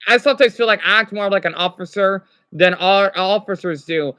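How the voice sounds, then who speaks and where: A man's voice: high-pitched, sharp tone, slight background noise. A young man ranting on a live stream. He rambles, swears often and keeps apologizing. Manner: rambling, profane, quick to apologize.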